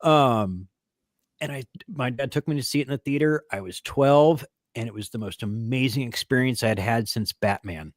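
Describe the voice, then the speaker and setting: A man's voice: mid-range voice, moderate pace, dry recording, studio quality. A man in his forties co-hosting a podcast, telling nostalgic stories in a casual chat. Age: 40s. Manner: animated, nostalgic storytelling. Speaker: podcast co-host.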